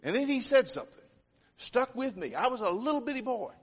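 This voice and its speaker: A man's voice: extremely high pitch, sing-song, brisk, husky. A man preaching a sermon, telling homespun stories in a folksy way. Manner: folksy storytelling, homespun phrasing. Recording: long hall reverb.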